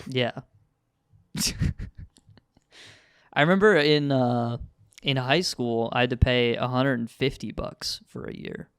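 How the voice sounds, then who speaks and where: Young man, podcast co-host, smooth clear voice, dry close sound, easygoing. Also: medium pitch, takes it slowly, long pauses, fairly bright tone, dry recording. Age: young adult. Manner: laid-back, laughs often, dry humor. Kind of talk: casual chat.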